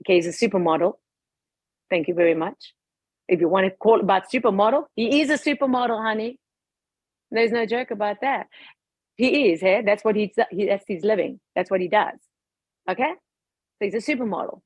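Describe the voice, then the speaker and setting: A woman guest speaks passionately and outspokenly about her views, with emphatic, lively intonation at a normal speed and frequent pauses. Her medium-pitched voice is husky. The lo-fi recording sounds dull, with no room sound.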